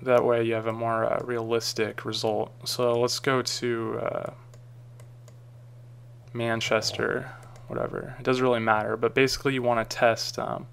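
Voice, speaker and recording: A man talking through a screen-recorded software tutorial in a casual, rambling way with frequent ums and uhs. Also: mid-range voice, flat delivery, normal speed, gravelly, slight background noise. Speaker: tutorial maker.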